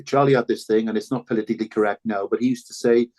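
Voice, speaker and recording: Older Welsh male guest, low-pitched, hesitant and reflective. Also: steady tone, darkish tone. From Wales. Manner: halting, repeats words and restarts often. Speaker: podcast guest, former rugby fullback. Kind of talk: reflective interview talk.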